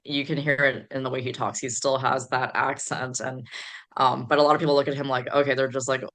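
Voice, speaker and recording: A woman's voice: very deep voice, level tone, brisk, fairly bright tone. A woman from the Chicago area, a podcast guest, rambling through stories with many fillers. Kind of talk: casual podcast chat.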